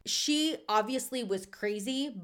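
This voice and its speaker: A woman co-hosting a podcast in casual chat, an animated storyteller who acts out quotes in a high voice. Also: slow, clean tone. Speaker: podcast co-host.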